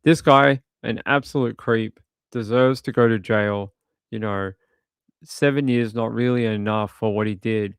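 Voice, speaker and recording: A man with a gravelly, creaky edge comments on true crime footage in a rambling, indignant way. His voice is smooth and resonant, and the recording is close and dry. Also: fairly low pitch, fairly even intonation, unhurried, dry recording. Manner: rambling and indignant, with frequent restarts. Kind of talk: casual commentary while watching videos.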